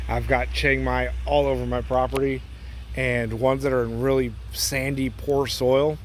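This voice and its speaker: A man giving a casual outdoor garden vlog among his fruit trees, chatty and relaxed, sometimes talking around a mouthful of berries. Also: mid-range voice. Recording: outdoor noise with chickens and a rooster.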